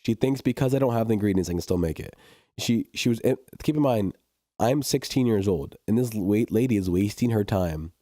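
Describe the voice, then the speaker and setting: A man's voice: fairly low pitch, expressive, brisk, warm tone, no echo, clean studio sound. A young man co-hosting a casual chat, telling a work story with laughs and restarts. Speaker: podcast co-host.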